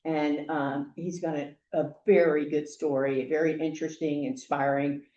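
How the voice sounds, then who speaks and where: A woman's voice: sits low, little pitch movement, dark tone, echoey room, muffled recording. Chatty older woman hosting a meeting. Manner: chatty, halting, with many fillers. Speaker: meeting host. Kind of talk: casual welcome remarks. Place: meeting room.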